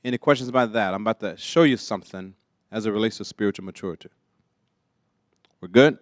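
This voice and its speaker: A man's voice: lowish voice, quick pace, no echo, clean studio sound. A man leading a church teaching workshop, conversational and often checking that listeners follow. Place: church classroom.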